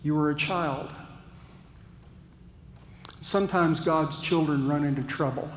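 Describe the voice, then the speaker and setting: Slow, earnest preacher in echoey church. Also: male voice, a little high, slight background noise. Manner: reflective, earnest preaching with pauses. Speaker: pastor. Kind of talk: sermon.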